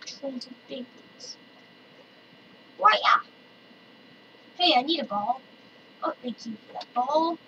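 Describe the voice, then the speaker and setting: A woman chatting excitedly through her own gameplay and calling out to other players. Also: high voice, moderate pace, highs cut off. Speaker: let's-play gamer. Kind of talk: casual gameplay commentary. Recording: distant mic with loud noise.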